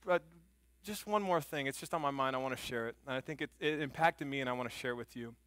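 A middle-aged man preaching a sermon, telling stories with animated emphasis and turning soft and hushed when he prays. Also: medium pitch, fast talker, no echo. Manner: animated storytelling, rising loud on emphasis. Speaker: pastor.

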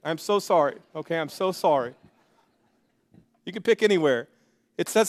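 A man preaching a sermon in an energetic, conversational way, with joking asides to the congregation. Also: a little high, moderate pace. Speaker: pastor. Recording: long reverb of a large hall.

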